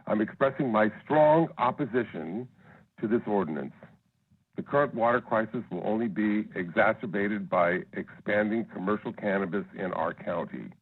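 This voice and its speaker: Firm male caller with a lowish, husky voice, reads his comment over a tinny phone line. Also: moderate pace. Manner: firm and insistent. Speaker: caller giving public comment. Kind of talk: read prepared statement.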